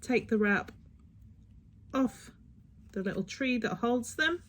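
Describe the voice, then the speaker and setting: A woman's voice: on the high side, animated, slow pace. A woman talking through a step-by-step nail tutorial in a chatty, instructive way that sometimes rambles. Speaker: beauty vlogger.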